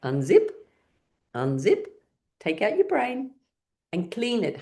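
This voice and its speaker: A woman's voice: medium pitch, wildly swooping pitch, takes it slowly, dark tone. A woman leading a guided laughter exercise session as an instructor, playful and coaxing, often breaking into exaggerated laughter. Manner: cheerful, coaxing participants to play along.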